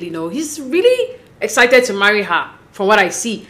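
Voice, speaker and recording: A woman casually recapping a reality dating show, acting out the cast's lines with lively, opinionated commentary. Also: medium pitch, moderate pace. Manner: animated, acts out quotes, opinionated. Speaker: recap host.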